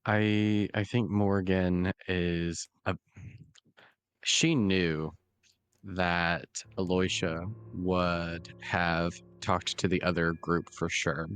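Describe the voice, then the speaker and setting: A man's voice: deep voice, little pitch movement, extremely slow, fairly bright tone, clear, resonant tone, no room sound. A man playing a tabletop game, explaining his character's reactions in a plain-spoken way. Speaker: player.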